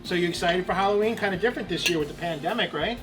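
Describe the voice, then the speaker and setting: A man's voice: high voice, rapid-fire, music in the background. A man hosting a casual cooking demonstration at an outdoor grill, chatty and enthusiastic, talking straight to the camera. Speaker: cooking show host.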